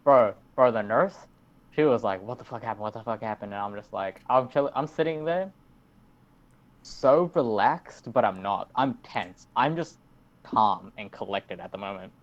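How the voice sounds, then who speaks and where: A man's voice: lowish voice, normal speed. A teenage man, rambling through a story in casual podcast chat and swearing a lot. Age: teens. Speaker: podcast host. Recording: dull lo-fi recording.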